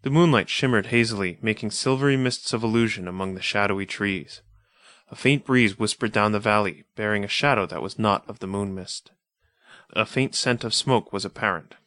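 A man reading an adventure story aloud in a measured, atmospheric manner. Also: lowish voice, a bit bright, no echo. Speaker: audiobook narrator. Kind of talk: scripted narration of a pulp adventure story.

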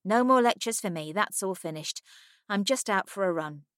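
A woman reading an audiobook voices a young English academic with a posh accent and a breezy, crisp manner. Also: mid-range voice, expressive, moderate pace, fairly bright tone, dry recording, clean studio sound, close to an everyday voice. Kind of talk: audiobook character voice.

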